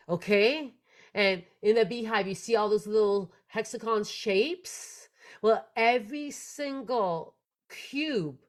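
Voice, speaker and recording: A woman hosting a spiritual podcast, telling a personal story in an earnest, animated way. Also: medium pitch. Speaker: podcast host.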